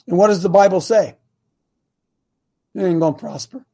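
This older man hosts a call-in show and talks like a preacher. His voice sits high with a husky edge, and he pushes his points with repeated rhetorical questions. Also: moderate pace, long pauses, mellow. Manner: emphatic, rhetorical questions, sermon-like. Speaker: talk show host.

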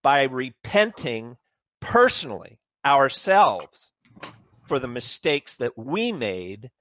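Fired-up man with a lively, dry voice. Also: mid-range voice, slow, no room sound. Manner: impassioned, builds on repeated questions. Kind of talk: opinionated talk.

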